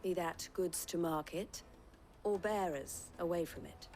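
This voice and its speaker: A woman's voice: on the low side, unhurried, a little mellow, close to an everyday voice. An actress playing a gracious but shrewd businesswoman in a video game cutscene, with faint music behind. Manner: polished, gracious, shrewdly teasing. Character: shrewd businesswoman running a caravan company.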